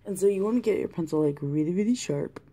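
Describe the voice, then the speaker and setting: A woman talking through a colored-pencil tutorial in a chatty way, thinking aloud and often dropping to a soft whisper. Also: on the low side, racing. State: has the hiccups. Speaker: art tutorial host. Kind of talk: casual drawing tutorial narration. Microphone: camera mic close to the desk.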